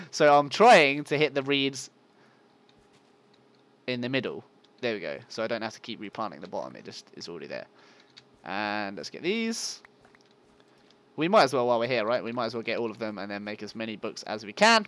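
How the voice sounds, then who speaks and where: A man's voice: fairly low pitch, lively intonation, normal speed, fairly bright tone. A man giving casual, self-mocking let's play commentary and talking to his viewers. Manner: yelps at game monsters. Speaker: gaming channel host.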